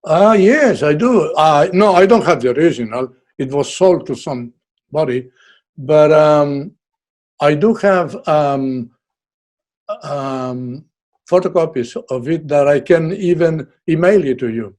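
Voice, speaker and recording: A man's voice: a little high, slow pace, a little mellow. An older man from Uruguay with a Uruguayan Spanish accent, a guest artist chatting casually, often repeating words as he searches for the English. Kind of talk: casual chat.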